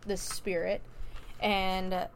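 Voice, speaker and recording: A woman's voice: mid-range voice, little pitch movement, extremely slow, a little hiss or hum. A woman casually recapping a movie plot in a chatty, loose way, full of "like" and "you know" and freely dropping swear words. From America. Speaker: movie reviewer.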